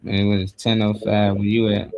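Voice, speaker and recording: A man co-hosting a live morning show in a relaxed, slang-heavy casual chat. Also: lowish voice, normal speed, muffled recording. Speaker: co-host.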